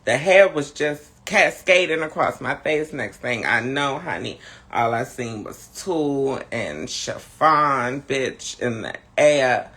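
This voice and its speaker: A camp, sassy host drawling through a casual live-stream chat, tired and low on energy. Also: male voice, lively intonation, takes it slowly, sharp tone.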